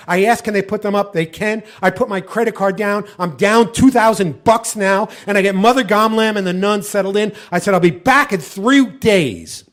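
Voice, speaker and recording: A man telling a personal story live on stage, animated, comic and profane. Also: sits high.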